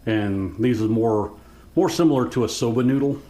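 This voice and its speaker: A man's voice: mid-range voice, moderate pace, dark tone. A man, a vlogger chatting casually and joking at home. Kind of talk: casual chat. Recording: roomy with faint noise.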